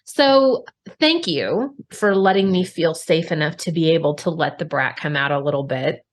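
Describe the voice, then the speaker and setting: A woman's voice: deep voice, normal speed. A woman hosting a podcast, talking frankly and expressively, swearing casually and speaking straight to her listeners. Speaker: podcast host. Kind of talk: candid conversational podcast talk.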